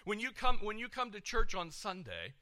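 Man, pastor, sermon, bright tone, slightly high voice, loud-soft swings. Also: normal speed. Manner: animated preaching, swings from soft to loud, repeats words.

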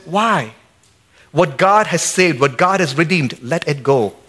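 A pastor preaching a lively sermon in church, acting out quotes and jokes. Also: male voice, fairly high pitch, a little slow. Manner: animated, acts out quotes and jokes.

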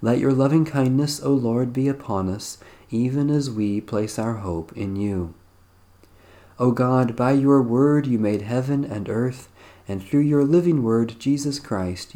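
Male prayer leader, unhurried and solemn, mellow dark tone. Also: mid-range voice. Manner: measured, solemn liturgical reading. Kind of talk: slow recited evening prayer.

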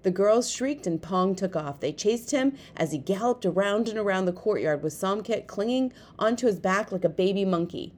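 A woman with a mid-range voice narrates an audiobook at normal speed with few pauses, reading the story in a lively way and giving each character a different voice.

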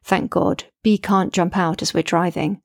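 Low creaky woman narrating a memoir. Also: fairly even intonation, a little slow, no room sound, studio quality. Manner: earnest, reflective storytelling. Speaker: narrator, mother.

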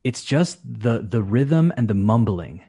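A man's voice: mid-range voice, measured pace, vocal fry, breathy edge. A man, an English teacher, chatting casually on a podcast and acting out quoted speech. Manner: animated, acts out quoted speech with shifting voices. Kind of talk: casual conversation.

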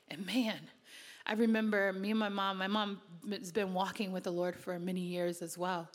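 Woman preacher sharing her testimony, earnest and chatty, mid-pitched, long hall reverb. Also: level tone, normal speed. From Connecticut, USA. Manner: earnest, conversational, many "you know" fillers. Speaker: speaker giving a testimony. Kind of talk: sermon-style personal testimony.

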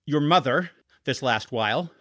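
A man's voice: medium pitch, animated, a little slow, pushed and bright, no echo. A man reading an audiobook, voicing a stern, demanding father close to his own voice. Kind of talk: audiobook character voice.

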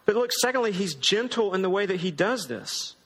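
A man's voice: sits high, lively intonation, brisk, a bit bright, breathy edge, long reverb tail. A man in his thirties preaching a sermon in a casual, joking storytelling way. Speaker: pastor.

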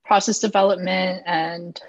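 A woman's voice: little pitch movement, a little slow, dry recording. A woman in her twenties from Nebraska, a student guest who talks chattily with many likes. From Nebraska, USA. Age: 20s. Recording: dry, dull low-fi sound.

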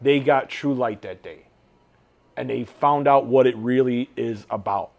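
A man's voice: mid-range voice, measured pace, vocal fry. A man co-hosting a casual podcast chat, heated and rambling, full of fillers and restarts. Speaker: podcast co-host.

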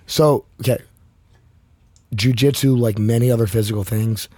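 High-energy, swearing male comedian. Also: warm tone, slightly rough, no room sound. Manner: high-energy, profane, emphatic. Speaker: comedian guest. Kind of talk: casual podcast chat.

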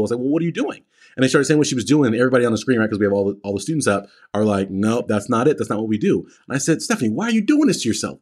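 A man's voice: medium pitch, breathy edge. A man coaching premed students on a livestream, telling stories with energy and acting out the voices of the people he quotes.

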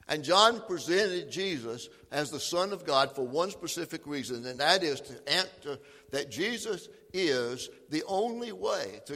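A man's voice: a little high, bright, forceful tone, long reverb tail. A man preaching a sermon as pastor, reading scripture aloud with emphasis.

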